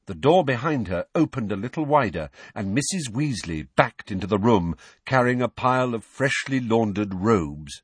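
A man narrating an audiobook in an expressive storytelling manner. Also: on the low side, normal speed, few pauses, slightly rough, dry recording. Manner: expressive storytelling with many character voices. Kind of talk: scripted narration.

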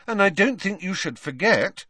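A man's voice: high voice, expressive, moderate pace, bright, forceful tone, breathy edge, no echo, clean studio sound, voice pushed up, exaggerated voice. A man reading aloud, voicing a clever, serious teenage girl witch who talks in a precise, lecturing way. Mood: earnest.

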